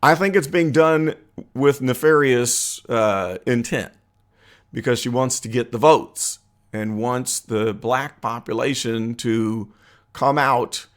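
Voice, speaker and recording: A man hosting his own political commentary vlog, talking earnestly and conversationally with frequent uh and um pauses. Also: medium pitch. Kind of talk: opinion vlog monologue.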